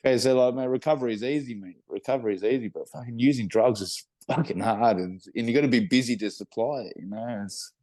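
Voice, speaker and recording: A man's voice: mid-range voice, fast, few pauses, warm tone, no room sound. A middle-aged Australian man talking casually about recovery, rambling with lots of swearing and fillers. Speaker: guest in recovery. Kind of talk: casual podcast conversation.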